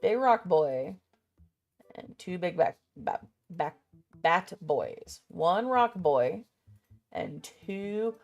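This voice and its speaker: A woman's voice: on the low side, sing-song, drawn-out words, darkish tone, muffled recording. A young woman in casual, rambling chat who swears freely and mutters to herself as she makes a list. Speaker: vlogger.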